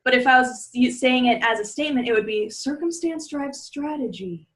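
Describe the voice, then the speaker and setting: A woman with a slightly high voice hosting an interview. She turns to the audience to spell out ideas in plain terms. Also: fairly even intonation, fast. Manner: addresses viewers directly, explains clearly. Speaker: interview host, body language trainer.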